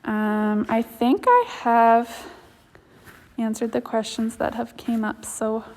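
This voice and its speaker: A woman's voice: fairly high pitch, flat delivery, slow pace, a little mellow, big-room sound. A woman who manages a riding program, chatting casually and easily to viewers while she films, with plenty of ums and small laughs. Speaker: program manager filming a live stream. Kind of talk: casual live-stream chat. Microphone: camera held by the speaker.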